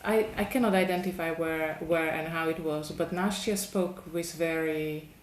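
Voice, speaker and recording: A woman interviewing an artist, asking long, thoughtful questions with small pauses and restarts. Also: low voice, fairly even intonation, reverberant. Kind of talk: conversational interview.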